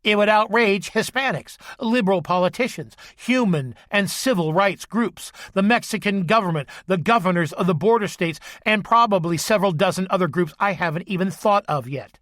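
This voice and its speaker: A man's voice: normal speed, hardly any pauses, fairly bright tone, no echo, studio quality. A man voicing a sarcastic, needling chief of staff. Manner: sarcastic, needling, raised pitch. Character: sarcastic, pushy male White House chief of staff.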